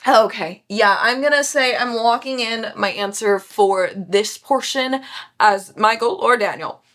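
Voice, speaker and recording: A woman's voice: a little high, measured pace, a bit bright. A woman, talking casually at home in the evening as she works through a mystery novel, chatty and self-mocking. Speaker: book vlogger. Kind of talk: casual chat reading a mystery aloud.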